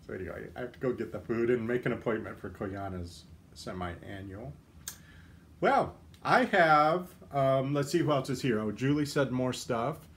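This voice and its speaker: A man's voice: mid-range voice, a little fast, a little mellow, slight background noise. A man talking through a casual livestream in an ordinary mid-range voice, chatty and easygoing. He answers viewer comments one after another and drops joking, self-deprecating asides as he goes. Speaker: livestream host.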